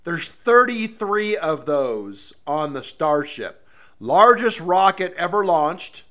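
A man's voice: on the high side, sing-song, slow pace, a bit bright. A man hosting his own political rant show from his home studio, rambling and sarcastic in a monologue.

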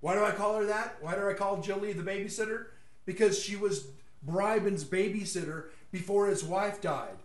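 A man with a fairly high voice rambles through a casual, opinionated monologue. He mocks his targets and chuckles at his own jokes. His voice rings in an echoey room. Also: moderate pace. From West Texas.

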